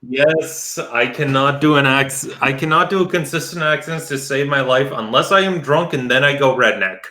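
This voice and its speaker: A man's voice: medium pitch, normal speed, bright, forceful tone. A man player chatting casually during a tabletop game break, joking and chuckling, with stumbling restarts.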